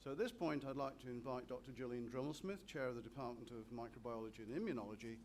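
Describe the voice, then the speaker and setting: A man's voice: mid-range voice, quick pace, a little mellow, a little hiss or hum. A man emceeing a ceremony, polished and courteous, thanking one speaker and introducing the next into a podium mic.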